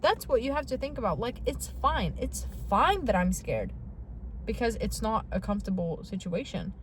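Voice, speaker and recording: A young woman talks straight to her viewers in a bright, higher voice, chatty and a little dramatic, poking fun at herself as she goes. A faint hiss of background noise sits under her. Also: big pitch swings. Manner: chatty, dramatic, self-mocking, quick asides. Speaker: vlogger. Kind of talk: casual talk to camera.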